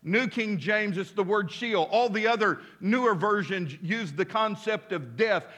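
A man's voice: high-pitched, unhurried, a bit bright. A man preaching a sermon as pastor, emphatic, with call-and-response to his congregation and casual asides. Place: church.

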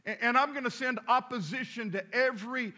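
A pastor voicing an eager, boastful male demon announcing his schemes in a loud, raised voice. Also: extremely high pitch, fairly quick, voice pushed up, exaggerated voice.

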